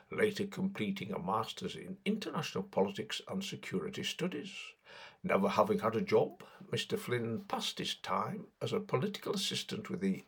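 A man's voice: fairly low pitch, breathy edge. A man delivering sardonic satirical political commentary in a mocking, sarcastic way.

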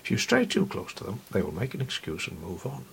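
A man's voice: on the low side, huge pitch swings, a little fast, creaky, a little hiss or hum. A man reading a first-person literary story in a wry, intimate way, often dropping to a whisper.

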